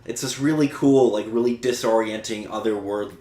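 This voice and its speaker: A man's voice: fairly low pitch, moderate pace, dark tone. A man hosting a podcast in casual chat, recapping the plot with lots of fillers and the odd blunt swear. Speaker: podcast host. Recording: roomy echo.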